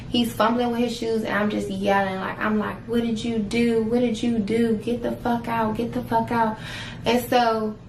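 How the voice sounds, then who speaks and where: Eyewitness woman, halting and pained; gravelly, echoey room, slight noise. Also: medium pitch. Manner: halting, many fillers, visibly pained. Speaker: interviewee, eyewitness. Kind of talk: emotional personal testimony. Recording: roomy ambient recording, faint noise.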